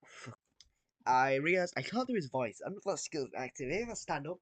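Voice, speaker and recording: Guy reading out a battle story, trips on words, kinda high voice, dry close sound. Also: expressive, brisk, slightly rough, no room sound. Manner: stumbling over words, self-mocking asides. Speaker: reader of an AI-written battle story. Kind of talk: casual read-aloud commentary.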